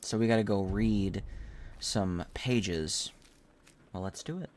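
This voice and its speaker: A man's voice: on the low side, slow pace, darkish tone, slight background noise. A man streaming a video game, thinking aloud in a hesitant, self-correcting way. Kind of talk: casual game commentary.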